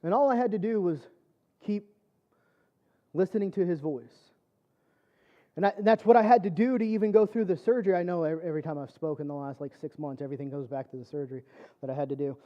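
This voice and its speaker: High-voiced man giving a testimony sermon. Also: fast, long pauses, highs cut off. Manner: conversational storytelling, many fillers. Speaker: church speaker.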